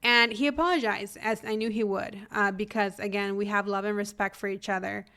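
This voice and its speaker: Podcast host, young adult woman, smooth clear voice, chatty storytelling, acts out relatives' lines. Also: medium pitch, fairly quick. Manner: animated, acts out family members' lines. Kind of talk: casual storytelling monologue.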